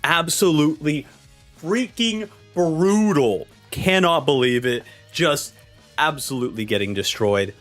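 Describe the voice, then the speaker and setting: A man hosting a manga reaction video, reading the chapter aloud and reacting with excitable energy. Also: fairly high pitch, measured pace, faint music behind. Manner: animated and excitable, acts out characters' lines. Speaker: manga reaction channel host.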